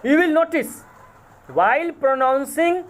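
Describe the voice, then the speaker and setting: A man's voice: very high voice, lively intonation, unhurried, a little hiss or hum. A man with an Indian English accent lecturing as a college English teacher, spelling words out letter by letter, repeating them and correcting himself. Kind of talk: recorded lecture.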